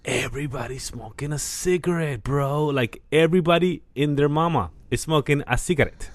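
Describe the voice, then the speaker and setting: A man's voice: fairly high pitch, moderate pace, dry recording. A man co-hosting a podcast in casual chat, laid-back, laughing often and swearing casually. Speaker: podcast co-host.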